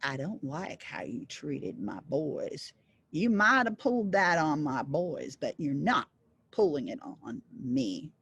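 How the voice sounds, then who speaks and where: A woman voicing a huge, grim father devil who speaks low, slow and threatening. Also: big pitch swings, vocal fry, a bit bright, husky, full character voice. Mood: menacing.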